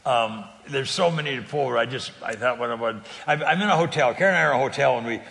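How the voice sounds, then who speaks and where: A man with a gravelly, bright and forceful voice, pitched a little high, tells a story as a guest on a talk show. He talks in a lively way, laughs often and acts out the people he quotes. His voice rings with a long reverb. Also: fast. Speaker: guest telling a faith story.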